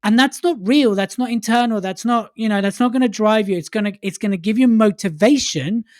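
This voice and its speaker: A man co-hosting a podcast in casual chat, playful, tossing in quick asides. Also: sits high, no echo, clean studio sound. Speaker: podcast co-host.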